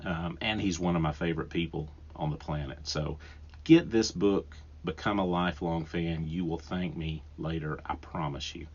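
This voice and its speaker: A man's voice: sits low, fairly even intonation, moderate pace, breathy edge, highs cut off. A man with a thick Southern accent hosting a podcast, recommending books in an enthusiastic, rambling way with fillers and restarts. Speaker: podcast host. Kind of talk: casual book recommendations.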